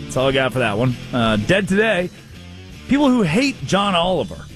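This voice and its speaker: Man, show host, casual comedic chat, lively swooping delivery, slightly high voice. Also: normal speed, faint music behind. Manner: animated storytelling, voices quotes.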